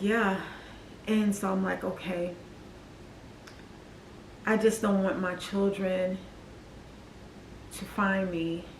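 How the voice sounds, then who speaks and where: A woman's voice: medium pitch, a little hiss or hum. Woman telling a personal story, roomy sound. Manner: halting, reflective storytelling with restarts. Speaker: vlogger. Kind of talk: personal testimony vlog. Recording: echoey room with faint ambience.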